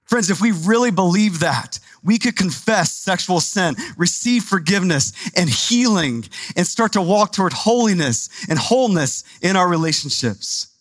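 A male pastor preaches in a loose, conversational manner, leaning hard on repeated phrases. His voice sits fairly high for a man. The sound is close and dry, with little room echo. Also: expressive, normal speed, few pauses, a bit bright. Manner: conversational, emphatic, repeats words for stress. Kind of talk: sermon.

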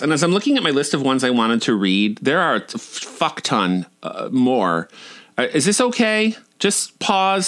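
A man in his forties reads his personal essays aloud in a wry, dryly comic way. His pitch is lively and rises and falls freely. The voice is bright and forceful. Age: 40s. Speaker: storyteller.

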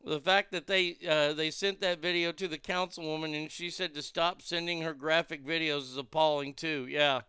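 A man's voice: on the high side, fairly even intonation, moderate pace, few pauses, pushed and bright, clean tone, no room sound, studio quality. A man in a car giving crude, angry commentary while reacting to a news clip. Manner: angry, crude, blunt, heated. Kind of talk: profane ranting commentary.

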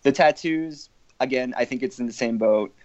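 A man's voice: mid-range voice, moderate pace, darkish tone, no room sound. A man hosting a casual group discussion, chatty and laughing often as he leads the talk. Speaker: podcast host. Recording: dull, dry lo-fi audio.

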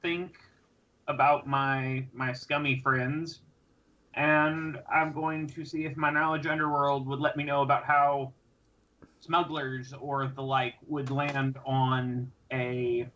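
A man playing in a tabletop role-play, speaking in a slow, deliberate way over a lo-fi microphone. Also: medium pitch, level tone, sharp tone, far from the mic. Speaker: player. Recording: dull lo-fi mic with faint noise.

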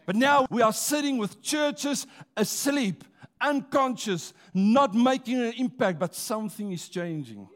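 In church, a man with a noticeably high, fairly bright voice and lively intonation delivers a sermon a little slowly. Stretching out key words, he energizes the congregation with call-and-response and an emphatic, rousing style.

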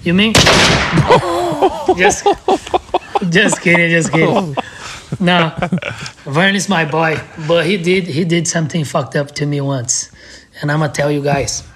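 A man with a Brazilian accent, a skateboarder guest telling a story in a casual, animated, slangy way with frequent laughter. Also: a little high, slow pace, pauses often, slight background noise.

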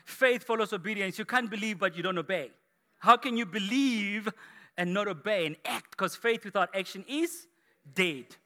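A man preaching a sermon as pastor to his church, energetic and rising to shouts, from South Africa. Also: sits high, normal speed. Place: large church hall. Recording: echoey church hall.

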